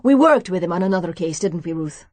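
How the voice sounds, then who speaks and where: A woman's voice: lowish voice, expressive, fast, a little mellow, no echo, close to an everyday voice. A woman voicing a cheerful Irish man with a hearty Irish accent. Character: jovial Irish man, archaeologist.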